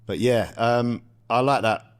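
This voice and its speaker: A young man, co-hosting a casual podcast and swearing freely in quick banter. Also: medium pitch, clear, resonant tone. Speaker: podcast co-host.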